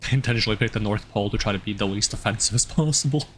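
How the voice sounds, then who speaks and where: A man's voice: fairly low pitch, very fast, a bit bright, a little hiss or hum. Rambling male game streamer. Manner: rambling, thinks aloud, lots of fillers. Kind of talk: casual gameplay chat.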